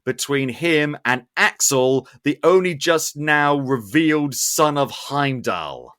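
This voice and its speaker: A man hosting a podcast, recapping a film in casual chat with animated, sarcastic asides. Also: medium pitch, slow pace, smooth. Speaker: podcast host.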